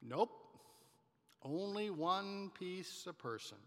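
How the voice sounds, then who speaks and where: A man's voice: sits high, expressive, slow pace, fairly bright tone, big-room sound, exaggerated voice. A man quoting a firm, curt woman serving food who will not give in. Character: firm female food server, unbudging.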